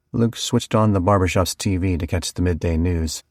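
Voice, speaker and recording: Male audiobook narrator, deep, dry, folksy storyteller. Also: normal speed, a little mellow, no room sound. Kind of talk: first-person audiobook narration.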